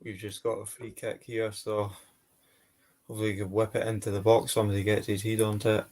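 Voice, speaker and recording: A man's voice: on the low side, flat delivery, a little fast, a little mellow. A Scottish man co-hosting a live football watch-along with blunt, short, sweary remarks. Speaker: co-host. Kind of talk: casual live commentary chat.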